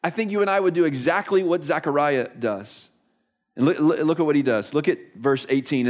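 Male pastor, sermon delivery, animated storyteller with a slightly high voice. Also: fairly quick. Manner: animated storytelling, rhetorical questions.

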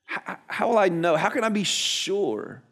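Preacher acting out a stammering, unsure old priest, flustered and hesitant. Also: male voice, mid-range voice, very animated, moderate pace, a little mellow, pitched below the performer's own voice. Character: doubting elderly male priest, flustered and unsure.

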